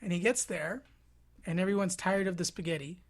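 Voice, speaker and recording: A woman's voice: fairly low pitch, brisk. A woman, a podcast host in casual chat, explaining history as a joking storyteller who slips into silly voices.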